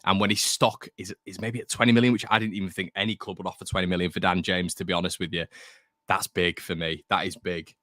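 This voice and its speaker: Young male stream host, low and bright voice, dry close sound, casual and opinionated. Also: flat delivery, fast talker, no echo. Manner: chatty, reads out viewer comments, opinionated. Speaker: fan channel host. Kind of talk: casual live-stream chat.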